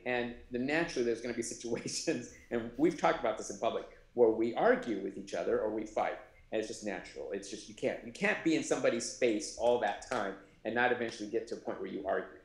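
A middle-aged man, a sign language interpreter and producer, telling lively anecdotes in a live interview and acting out the voices in them. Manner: animated anecdote-telling, acts out voices with big pitch jumps. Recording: roomy echo.

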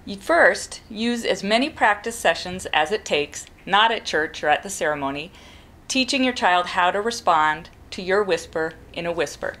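A middle-aged woman, a parent, calmly explaining step by step how to teach a child to whisper. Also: lowish voice, moderate pace. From New England. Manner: calm, practical, demonstrates whispering. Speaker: parent giving advice. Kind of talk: instructional talk to camera.

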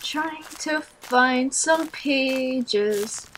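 A woman's voice: high voice, very slow, a bit bright, a little hiss or hum, low-quality recording. A young woman giving horror game commentary as a let's play gamer, nervous and jumpy, talking to herself and shrieking at scares. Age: young adult.

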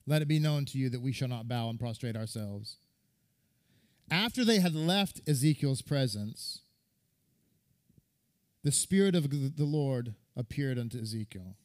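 A man's voice: mid-range voice, animated, unhurried, pauses often, a little mellow. A man, a rabbi, giving a sermon that retells a midrash, reading and quoting scripture and repeating words for stress.

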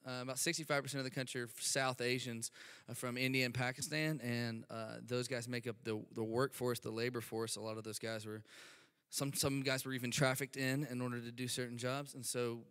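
A Southern American man from Alabama addresses a church congregation with eager, chatty energy, sprinkling his talk with fillers. His voice is bright and smooth, and a long hall reverb trails behind it. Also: medium pitch, steady tone, a little fast. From Alabama, USA. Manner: eager, chatty, laughs often, many fillers. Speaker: guest speaker, missionary. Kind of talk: sermon introduction. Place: church sanctuary.

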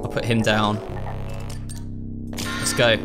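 A man's voice: lowish voice, completely flat delivery, takes it slowly, music in the background. A British man giving casual let's-play commentary, chatting himself through each move. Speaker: gaming YouTuber.

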